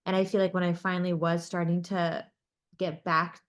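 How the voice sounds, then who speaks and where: A woman's voice: fairly low pitch, little pitch movement, moderate pace. A young woman co-hosting a podcast, talking in an earnest, reflective way about her own experience. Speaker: podcast co-host. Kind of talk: casual chat.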